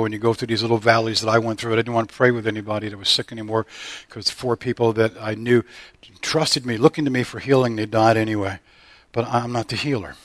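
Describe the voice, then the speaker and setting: A man's voice: lowish voice, a bit bright, no echo. A man who is a pastor, preaching a sermon and often asking the congregation if they hear him. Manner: preaching with call-and-response questions.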